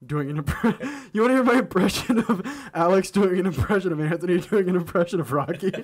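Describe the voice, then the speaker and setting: A young man with a fairly high voice jokes on a podcast with friends. He delivers deadpan one-liners and mutters asides under his breath. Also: brisk, few pauses, slight background noise. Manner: deadpan joker, mumbles low asides. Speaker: podcast co-host. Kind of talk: casual chat.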